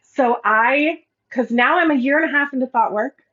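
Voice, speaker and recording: A woman's voice: sits high, normal speed. A woman podcast host and life coach telling a personal story in a casual monologue, acting out the quoted dialogue with animation. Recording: slightly muffled lo-fi audio.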